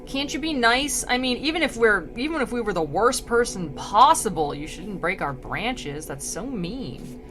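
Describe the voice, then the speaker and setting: A woman's voice: fairly high pitch, sing-song, moderate pace, noisy background. A woman voicing a wounded soul trapped in a tree, pleading plaintively to be treated kindly.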